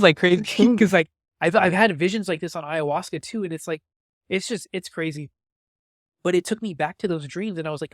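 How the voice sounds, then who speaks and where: A young man's slightly high voice, recorded dry and close with no room sound. He tells a candid personal story as a podcast guest, halting and full of restarts and fillers. He is openly moved and emotional as he talks. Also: dry recording.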